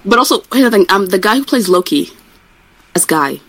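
A woman's voice: mid-range voice, animated, fairly bright tone, poor audio. A woman co-hosting a podcast, talking casually about a book, hedging and restarting her sentences. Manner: rapid, hedging, with many "like"s and restarts. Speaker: podcast co-host. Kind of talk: casual book-club chat.

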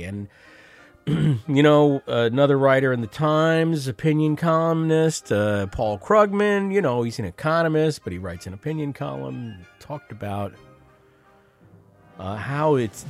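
A middle-aged man hosting a show, giving casual, sardonic commentary over clips. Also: lowish voice. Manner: sardonic, mocking asides. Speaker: radio host.

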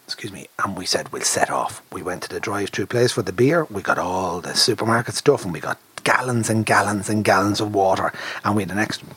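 Husky Irish man telling a story. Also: lowish voice, fairly quick, few pauses, no echo. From Ireland. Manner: animated, acts out the people he quotes, lively repetitions. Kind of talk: casual anecdote, conversational storytelling.

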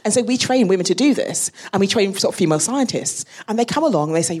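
A woman's voice: mid-range voice, animated, fast talker, few pauses, darkish tone, slightly rough. A woman, a space scientist on a live panel, chatty and often laughing between phrases. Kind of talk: live podcast panel chat.

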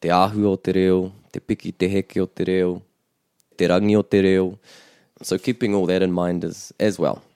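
A man hosting a bilingual language lesson, explaining in a measured way with small restarts. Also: low-pitched, little pitch movement, darkish tone, clear, resonant tone, no room sound, studio quality. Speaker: te reo Māori teacher and podcast host.

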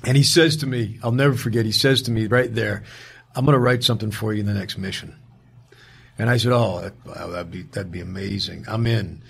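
Low gravelly guy, kinda husky, chatting away in an interview, tells stories and acts out the people in them. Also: a little fast. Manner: animated anecdote-telling, quoting others, many restarts. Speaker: actor guest. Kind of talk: casual interview storytelling.

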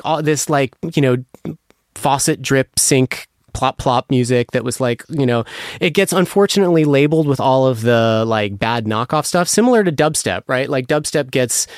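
A man speaks casually in an interview, gushing about music he loves and circling back with many fillers and restarts. His voice is smooth and clear, recorded close in a dry space. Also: medium pitch, a little slow, no room sound. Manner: emotional, apologetic when moved. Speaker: music producer guest.

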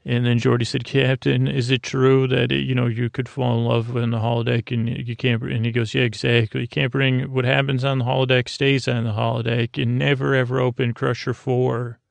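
A man hosting a podcast, retelling a TV episode in a drowsy, halting way with lots of fillers and restarts. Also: medium pitch, little pitch movement, gravelly, no room sound. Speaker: podcast host. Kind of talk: sleepy comedic episode recap.

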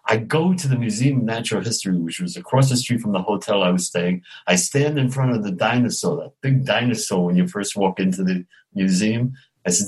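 A middle-aged man, an actor guest telling an animated anecdote and acting out the voices in it. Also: low-pitched, normal speed, husky, low-quality recording. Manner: animated storyteller who acts out quoted voices. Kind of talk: storytelling anecdote.

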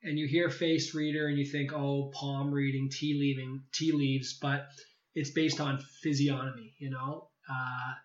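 A man being interviewed, telling a personal story in a casual, animated way and acting out quoted dialogue. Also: medium pitch, a little slow. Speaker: podcast guest. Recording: echoey room, slightly dull sound.

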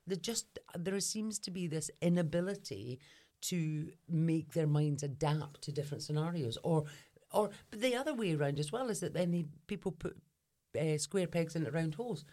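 A woman co-hosting a casual comedy podcast, her voice sitting low but moving with a lot of lift and fall. She talks in a chatty way and is quick to laugh along. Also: animated, mellow. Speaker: co-host. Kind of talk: casual comic chat.

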